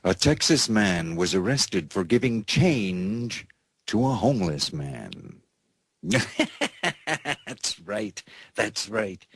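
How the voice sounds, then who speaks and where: A man's voice: fairly low pitch, very animated, slow, gravelly, slightly rough, dry recording. A man hosting an alternative news show, reading headlines with folksy sarcasm and mocking laughter. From United States.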